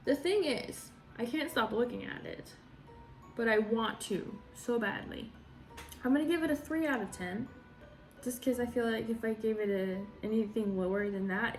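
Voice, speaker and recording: A woman's voice: on the high side, expressive, measured pace, fairly bright tone, soft background music. A woman vlogger in casual reaction commentary, laughing often and trailing off mid-thought.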